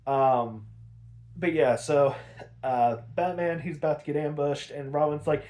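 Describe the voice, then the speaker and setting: Man, podcast host, casual recap, rambling, profane, a bit high-pitched. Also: normal speed, dark tone.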